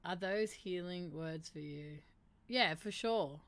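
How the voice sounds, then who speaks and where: A woman's voice: lowish voice, slow, a bit bright. A woman hosting a casual stream, reading statements aloud and reacting candidly and emotionally. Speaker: streamer host. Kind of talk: casual reflective stream chat.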